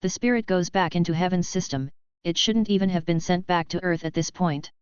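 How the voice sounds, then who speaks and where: A woman voicing a sardonic, weary male fallen angel leader in a dry, deadpan way. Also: fairly low pitch, brisk, clean tone, no room sound, close to an everyday voice. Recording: dull lo-fi audio.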